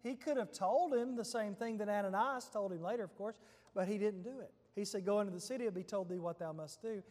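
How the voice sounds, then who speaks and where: High-voiced man preaching in a reverberant hall. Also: fast, darkish tone. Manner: conversational storytelling with quoted scripture. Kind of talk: sermon, retelling scripture.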